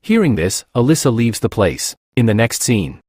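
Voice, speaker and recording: A man's voice: mid-range voice, big pitch swings, normal speed, darkish tone, no echo, studio quality. A man narrating a comic recap, reading every character's lines in his own voice.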